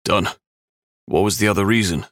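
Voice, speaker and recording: A man's voice: fairly low pitch, normal speed, fairly bright tone, no echo, studio quality, pitched above the performer's own voice, close to an everyday voice. A man voicing an uneasy, wealthy younger man in a story, hesitant and clipped.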